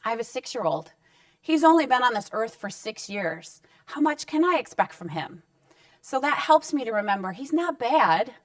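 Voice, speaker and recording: A woman's voice: fairly high pitch, very animated, moderate pace, no room sound, recorded from a distance. A woman counselor giving parenting advice straight to camera in a conversational, reassuring way, sometimes acting out short parent-child exchanges. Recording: dry sound with the mic set back.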